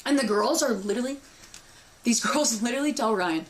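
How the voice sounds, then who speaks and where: Young female streamer, high-pitched, brash and profane, acts out her own yelling mid-story. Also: animated, fairly quick. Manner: loud, profane, reenacts screaming. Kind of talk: animated storytelling to chat.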